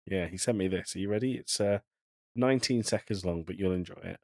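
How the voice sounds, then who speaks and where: A British man co-hosting a podcast in casual chat, telling jokes in a deadpan way. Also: sits low, brisk, very noisy. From Britain. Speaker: podcast co-host.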